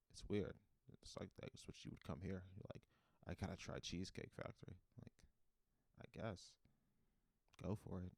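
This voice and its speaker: A man hosting a solo comedy podcast, rambling in a deadpan, self-mocking way. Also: low voice, vocal fry, no room sound.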